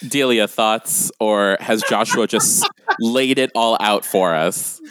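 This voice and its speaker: A man's voice: fairly low pitch, slow, a bit bright, smooth, no echo. A man hosting a casual chat, speaking in a teasing, wry way. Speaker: podcast host.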